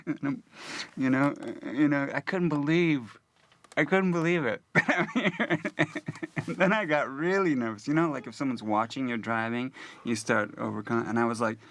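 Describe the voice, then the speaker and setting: A man's voice: mid-range voice, normal speed, a bit bright. A man in a documentary interview, telling a self-mocking story about a shoot and laughing often. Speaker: actor recalling a shoot. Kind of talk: casual interview anecdote.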